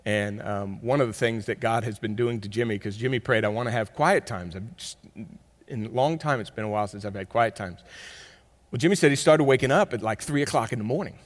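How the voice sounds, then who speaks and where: Male pastor, sermon, animated storytelling, loud then hushed, long hall echo. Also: medium pitch, a little fast.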